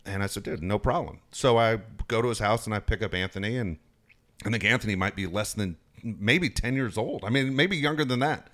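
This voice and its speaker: A man's voice: on the low side, brisk. A middle-aged man telling stories in a casual, profane chat, acting out what people said. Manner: profane, animated, acts out quotes. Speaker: sports reporter guest.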